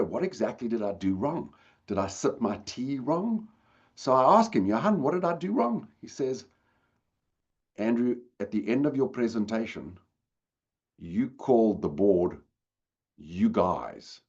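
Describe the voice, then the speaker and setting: Middle-aged man, low voice, animated storytelling talk, loud-to-hushed swings, slightly dull recording. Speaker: speaker.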